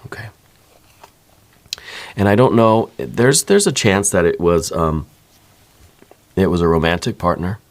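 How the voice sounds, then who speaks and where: A man giving an ASMR tarot reading, speaking softly and intimately to the listener in a gentle, searching way. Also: sits low, unhurried, long pauses. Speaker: tarot reader.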